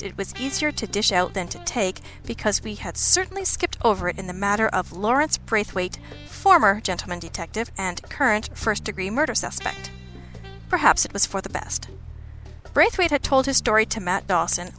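A woman's voice: mid-range voice, a bit bright. Wry woman narrating a detective story. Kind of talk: scripted audiobook narration.

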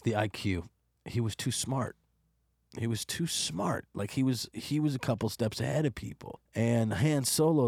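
A man giving an animated, profane movie review, ranting with mock hostility and frequent laughter. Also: medium pitch, dry recording, clean studio sound. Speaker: film reviewer.

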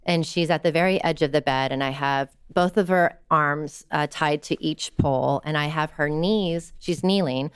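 A woman's voice: low-pitched, smooth, no echo, studio quality. A woman guest therapist talking candidly and earnestly in an interview conversation. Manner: candid, earnest storytelling, soft and slow when recounting.

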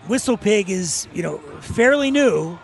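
A man co-hosting a casual chat, with a high, swooping voice and a gravelly edge. He jokes around and breaks in with quick questions. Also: lively intonation. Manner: joking, interjecting. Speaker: podcast co-host.

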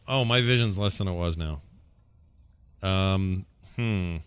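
A man's voice: sits low, takes it slowly, smooth. A man playing a tabletop game, talking hesitantly and explaining a spell's rules with many fillers. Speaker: player.

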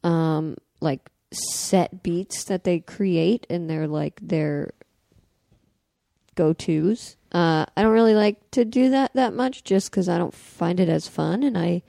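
A woman, a comedian and beatboxer, chatting casually on a podcast, fast and profane, with lots of fillers. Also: on the low side, creaky, mellow, dry recording, studio quality.

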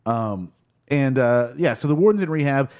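A man's voice: mid-range voice, expressive, moderate pace, darkish tone. A man co-hosting a casual podcast chat, rambling with lots of fillers and laughs. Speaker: podcast co-host.

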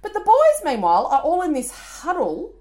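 A woman's voice: high-pitched, moderate pace. A woman in her forties with an Australian accent, co-hosting a podcast and telling a story in casual chat. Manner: animated storytelling, laughing, acting out voices. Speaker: podcast co-host.

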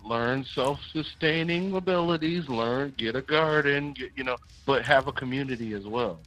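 A man's voice: mid-range voice, normal speed, fairly bright tone, poor audio. A man calling in to a talk show, chatting casually and rambling with laughs between phrases. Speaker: caller. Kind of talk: casual call-in chat.

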